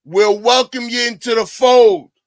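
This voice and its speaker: High-voiced man shouting at his stream chat. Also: unhurried, no room sound. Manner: loud, excitable, often shouting to chat. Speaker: livestream host. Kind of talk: reacting to a clip for chat.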